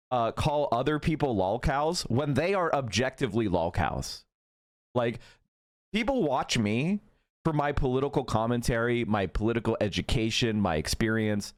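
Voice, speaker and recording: A man's voice: mid-range voice, no echo, studio quality. A man in his thirties ranting profanely and mockingly during a live stream commentary.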